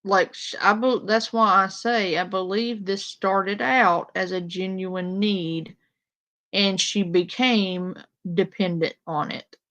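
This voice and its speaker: A woman's voice: mid-range voice, fairly even intonation, slow, a bit bright. A woman talking bluntly to her live chat, casual and confrontational, with frequent fillers. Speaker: commentary streamer. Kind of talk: casual live-stream commentary.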